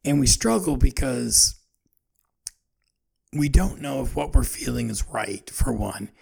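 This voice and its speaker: A man in his forties talks through his feelings in a loose, earnest ramble, circling back on himself as he searches for words. His voice is rough and gravelly, with a husky edge on it. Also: mid-range voice, expressive, unhurried, dark tone. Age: 40s. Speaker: podcast host. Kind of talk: personal reflective monologue.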